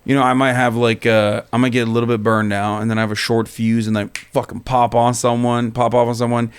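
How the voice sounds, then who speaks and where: A man's voice: medium pitch, level tone, brisk, clean tone. A man, a live streamer and podcast guest, talking in a casual, sarcastic way and swearing freely. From Turkey.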